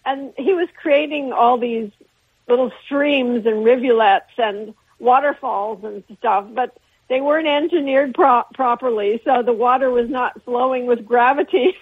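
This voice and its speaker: A woman's voice: fairly high pitch, measured pace, slightly rough. An older woman, a guest artist in an interview, telling long rambling anecdotes with restarts and bits of laughter. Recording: phone-line interview on radio.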